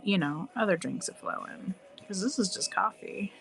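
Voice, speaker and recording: A woman's voice: fairly low pitch, moderate pace, bright, forceful tone, faint music behind. A woman chatting casually on a live craft stream, cooing and squealing with delight as she works. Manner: bubbly, coos and squeals over her craft.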